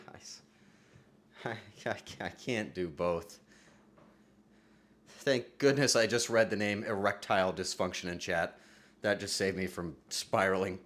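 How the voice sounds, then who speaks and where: Streaming live from his home setup, a man with a fairly low-pitched voice rambles casually. He breaks into sudden loud outbursts and then slips into soft asides.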